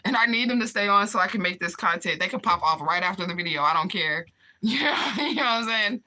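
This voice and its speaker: A woman's voice: mid-range voice, animated, fast talker, bright, forceful tone. A woman talking casually on a livestream, reading viewers' comments aloud and answering them with candid, profane remarks and frequent laughter.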